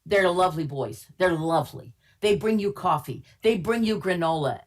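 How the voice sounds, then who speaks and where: An older woman from Minnesota, a casting director, tells her stories in a rather low voice. She talks in a chatty, candid way, with wry humor and plenty of fillers, over a video call. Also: animated, normal speed. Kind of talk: webinar interview, anecdotal storytelling.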